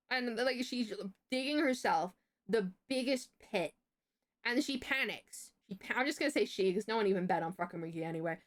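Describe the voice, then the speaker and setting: Chatting casually at normal speed, a young woman streamer with a slightly high voice shares a story. She swears, laughs, trips over her words, and stays lively throughout.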